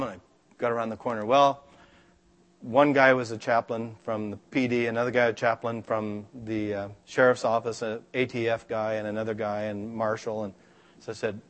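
A man preaching a sermon, telling stories and acting out the voices of the people in them. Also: medium pitch. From Scotland. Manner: animated, acts out voices in stories. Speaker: pastor. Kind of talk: sermon with storytelling.

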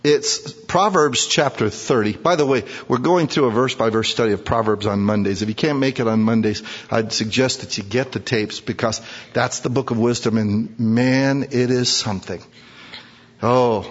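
A man preaching a sermon, animated, acting out prayers and swinging his voice up high when he voices them. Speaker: pastor. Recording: muffled, with long hall reverb.

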